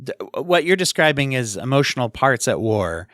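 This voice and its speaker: A man's voice: mid-range voice, very animated, normal speed, fairly bright tone, dry recording, studio quality. A man hosting a podcast, asking long, thoughtful questions and reflecting on his guest's answers. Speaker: podcast host. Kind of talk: conversational interview.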